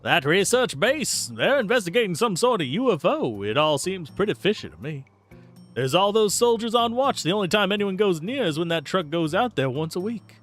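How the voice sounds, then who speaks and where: A man's voice: sits high, sing-song, normal speed, fairly bright tone, soft background music, pitched above the performer's own voice. A man voicing a chatty old male townsman from a video game, reading his lines aloud in a raised voice. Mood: gossipy.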